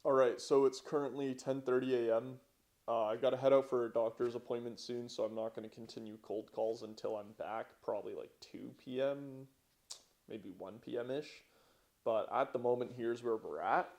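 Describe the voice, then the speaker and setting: A man's voice: mid-range voice, fairly even intonation, moderate pace, a little mellow. Casual, profane young man vlogging. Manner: casual, profane, rambling with restarts. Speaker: vlogger, entrepreneur. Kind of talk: casual vlog narration.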